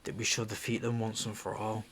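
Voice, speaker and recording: An eager young Celtic princess, read by a man in his own low voice. The reading is soft and plain, with no attempt to sound girlish. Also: monotone, a little fast, vocal fry.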